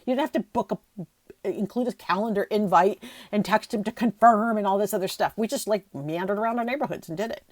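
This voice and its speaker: A woman's voice: mid-range voice, a little fast, no echo. A middle-aged woman hosting her own podcast, talking emotionally and rambling, often near tears. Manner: rambling with frequent restarts. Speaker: podcast host. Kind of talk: emotional solo podcast talk.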